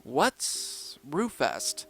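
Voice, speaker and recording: A man's voice: on the high side, huge pitch swings, drawn-out words, creaky, sharp tone, faint music behind, exaggerated voice. A man voicing Pablo, a shy hesitant penguin boy. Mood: curious. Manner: hesitant, stammering questions. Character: shy, curious young male penguin cartoon character.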